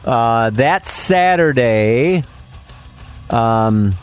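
A man's voice: medium pitch, animated, very slow, soft background music. A man in casual chat who drops short questions and steers the talk back.

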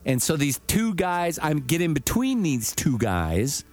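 A man tells a rambling story, swearing freely and acting out everyone's lines in his own voice. His voice sits a bit high for a man and swings widely in pitch. Soft music plays in the background. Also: measured pace. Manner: profane, animated, acts out quotes. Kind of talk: casual storytelling.

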